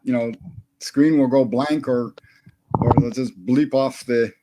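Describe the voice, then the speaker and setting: A man hosting an online comedy show, chatty and halting, over a video call. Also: medium pitch, steady tone, background noise. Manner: halting and chatty, with fillers and chuckles.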